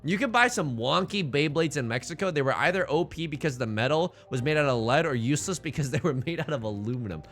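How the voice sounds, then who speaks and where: Lively, bright-voiced male streamer. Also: a little high, fast talker, few pauses, faint music behind. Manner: goofy, rambling, joking with chat between plays. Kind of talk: live-stream gameplay commentary.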